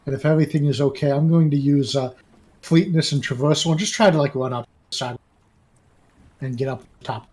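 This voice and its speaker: A man playing a tabletop game, talking haltingly and often clearing his throat. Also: a little high, a little mellow. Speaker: player.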